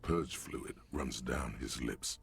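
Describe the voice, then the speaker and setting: A man narrating a game in a grave, measured, gravelly voice. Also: rumbling low, slight background noise, exaggerated voice.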